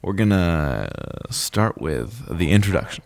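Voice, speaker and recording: A man's voice: low-pitched, moderate pace. A man co-hosting a casual comedy podcast, easygoing, steering the segment along. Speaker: podcast co-host.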